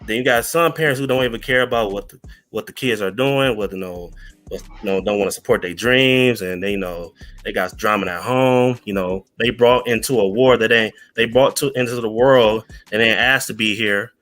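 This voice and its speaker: Brief: deep-ish man, earnest slangy opinions on a panel podcast. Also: normal speed, fairly bright tone, soft background music. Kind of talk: casual podcast chat.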